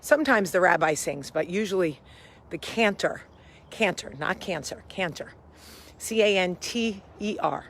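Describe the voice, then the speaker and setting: A woman's voice: fairly low pitch, lively intonation, normal speed, a bit bright, a little hiss or hum. A woman hosting a casual vlog, out of breath as she walks uphill outdoors, rambling and amused at her own jokes, swearing freely. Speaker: host.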